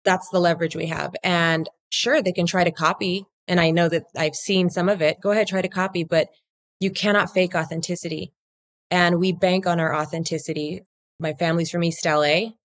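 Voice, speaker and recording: Speaking a little fast in a lowish voice with fairly even intonation, a woman who co-founded a law firm chats casually as an interview guest. She's blunt and energetic, occasionally cursing and mimicking the voices of others she quotes.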